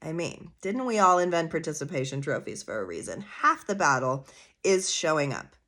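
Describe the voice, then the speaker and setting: A woman's voice: low-pitched, very animated, moderate pace, a bit bright. A woman hosting her own astrology podcast, talking in an earnest, coaching way with casual asides and rhetorical questions. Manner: casual with fillers like "vibe" and "you know". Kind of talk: solo podcast monologue.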